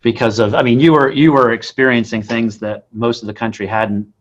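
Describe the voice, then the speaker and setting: A man hosts a relaxed interview as a bishop. He asks questions in an average-pitched voice and keeps the conversation going with warm, encouraging remarks. The recording sounds a little dull and muffled. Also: fairly quick. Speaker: bishop hosting an interview podcast.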